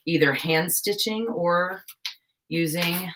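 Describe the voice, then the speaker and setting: A young woman talks through a craft live stream in a slightly low voice. She is scatterbrained and self-mocking, breaking into frequent laughs. The talk stays casual and chatty. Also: slow, noisy background. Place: home craft room.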